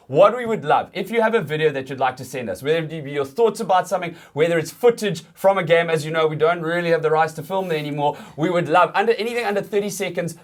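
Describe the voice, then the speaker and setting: Male host, slightly higher voice, deadpan comic banter on a sports show. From South Africa. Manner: dry, jokey banter. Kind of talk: comedic sports chat show.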